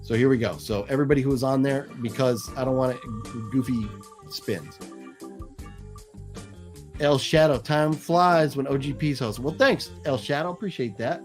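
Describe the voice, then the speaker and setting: A man's voice: medium pitch, soft background music. A man hosting a live movie news stream, calling out giveaway names in a casual, chuckling, apologetic way. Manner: lively, apologetic, chuckling, drawn-out name calls.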